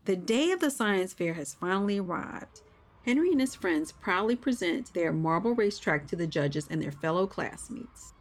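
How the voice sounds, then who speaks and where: A woman's voice: on the low side, big pitch swings, moderate pace. Woman narrating a children's story. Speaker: storyteller and show host.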